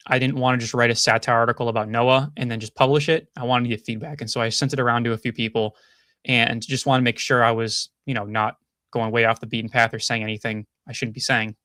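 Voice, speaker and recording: A man's voice: mid-range voice, fairly even intonation, a little fast, fairly bright tone, no echo. A male host gives casual commentary, thinking aloud and restarting often. His voice sits mid-range. The recording is dry and close. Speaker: podcast host.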